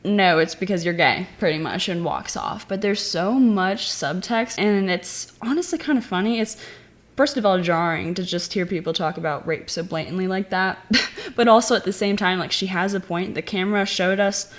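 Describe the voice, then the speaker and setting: A woman hosting her own channel, giving a casual spoken movie review and retelling the plot in a chatty, animated way. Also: medium pitch, moderate pace. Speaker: film reviewer and channel host.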